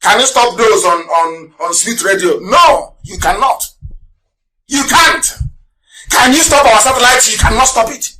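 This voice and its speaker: A man with a high, bright, forceful voice delivers a live radio broadcast as a heated rant. He hammers listeners with rhetorical questions, scorns his opponents, and swings suddenly into shouting. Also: unhurried. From Nigeria. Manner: scornful, mocking. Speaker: broadcast host.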